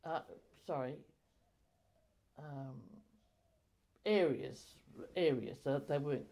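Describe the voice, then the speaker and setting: Low gravelly older woman reminiscing. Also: dark tone. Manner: hesitant, halting, many fillers and self-corrections. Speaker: interviewee. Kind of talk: oral history reminiscence.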